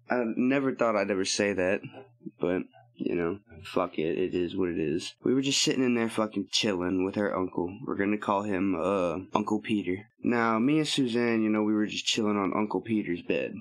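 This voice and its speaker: A man's voice: on the low side, normal speed. Casual, profane male storyteller. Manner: profane, rambling, chuckling. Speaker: vlogger.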